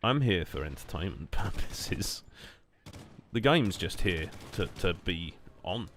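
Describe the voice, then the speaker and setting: A young man streaming a game, rambling and joking casually while answering chat in a flat, monotone way. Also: takes it slowly, slight background noise. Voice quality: low monotone voice. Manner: rambling, jokey, reacting to chat.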